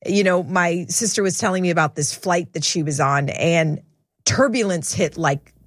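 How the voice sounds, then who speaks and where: A woman's voice: fairly low pitch, normal speed, no echo. A woman co-hosting a faith talk show, telling stories in a chatty way and laughing as she goes. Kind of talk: casual conversational storytelling.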